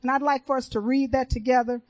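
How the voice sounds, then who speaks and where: A woman minister from Chicago preaching a sermon in an earnest, testifying way, moving between hushed and emphatic. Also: sits high, steady tone, fast talker, no room sound, low-quality recording.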